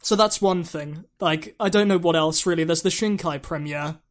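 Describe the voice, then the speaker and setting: Dry, deadpan teasing man. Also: fairly high pitch, moderate pace. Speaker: podcast co-host. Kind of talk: casual podcast chat.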